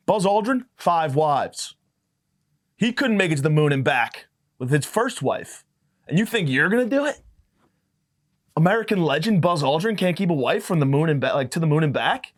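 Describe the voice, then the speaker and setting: Profane young man ranting on a podcast. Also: on the high side. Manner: jumps between tangents. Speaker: podcast host. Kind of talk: comedic monologue.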